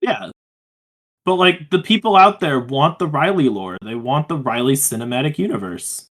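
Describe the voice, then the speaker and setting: A man's voice: mid-range voice, lively intonation, moderate pace, fairly bright tone. A man co-hosting a podcast in casual chat over a voice call, enthusiastic and full of fillers. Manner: enthusiastic, hype-driven, filler-heavy. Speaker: podcast co-host.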